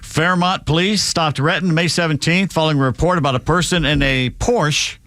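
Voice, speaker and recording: A man hosting live radio, reading the news with a sardonic edge. His voice sits a little high for a man. The studio sound is dry and close. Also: steady tone, normal speed, a bit bright, no room sound. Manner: sardonic, reads news items with jokes. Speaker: radio show host.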